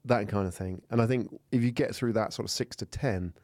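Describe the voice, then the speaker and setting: A British man hosts a podcast from a studio, with a somewhat low voice. He sounds encouraging and reflective as he draws out his guest. The sound is close and dry. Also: a little fast, a little mellow, no echo. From United Kingdom. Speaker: podcast host. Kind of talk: casual interview chat.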